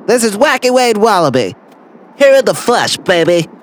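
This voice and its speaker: A man voicing a cocky male wisecracker who shouts in from the background, spoiling for a fight. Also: sits high, big pitch swings, moderate pace. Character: brash adult male wisecracker, Wacky Wade Wallaby.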